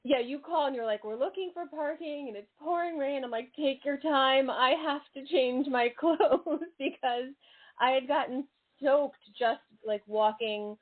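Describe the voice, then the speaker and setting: Chatty bubbly lady host, kinda high voice, sounds like it's over a phone line. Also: unhurried. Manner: bubbly and chatty, frequent laughs and exclamations. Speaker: radio show host. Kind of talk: casual interview chat.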